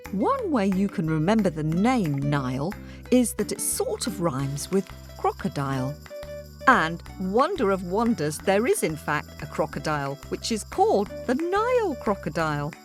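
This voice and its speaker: A woman hosting a children's story podcast, talking playfully and directly to young listeners. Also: medium pitch. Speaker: podcast host.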